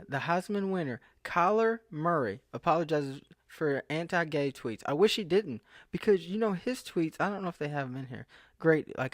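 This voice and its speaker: A slightly high-voiced young man from the US South chats aimlessly to camera, stopping himself mid-sentence and reacting with growing disbelief. It's a computer screen recording with studio-quality sound and no audible room.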